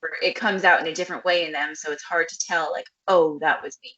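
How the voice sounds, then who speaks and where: A woman's voice: sits low, fairly even intonation, fast, pushed and bright, highs cut off. A woman co-hosting a podcast, rambling in casual chat with lots of filler words. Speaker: podcast co-host.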